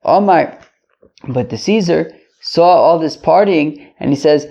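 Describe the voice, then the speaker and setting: Gravelly man casually teaching Talmud. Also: on the high side, dark tone. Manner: reads Aramaic phrases slowly, then paraphrases quickly in English; casual asides with frequent fillers. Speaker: podcast host teaching Talmud. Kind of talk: casual Talmud lesson, reading and translating. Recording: dull lo-fi audio.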